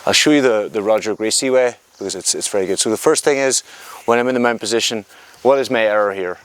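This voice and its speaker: Low-voiced man teaching a grappling class. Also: fast talker, smooth. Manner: hesitant, repeats words while explaining; demonstrating techniques on a partner while talking. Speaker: jiu-jitsu instructor. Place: training mat, indoors.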